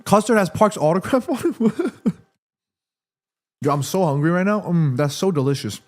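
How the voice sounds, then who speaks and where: Excitable high-voiced male stream host. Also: moderate pace. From Korea. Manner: chatty, reads chat aloud, excited shouts at match action. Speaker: streamer hosting a football watchalong. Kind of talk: live stream watchalong chat and commentary.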